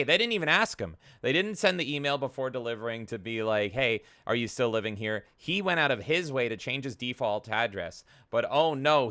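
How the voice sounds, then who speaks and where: A man's voice: lowish voice, sharp tone, no echo. A man co-hosting a podcast, ranting heatedly and profanely, slipping into mocking quoted voices. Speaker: podcast co-host. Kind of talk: casual podcast rant.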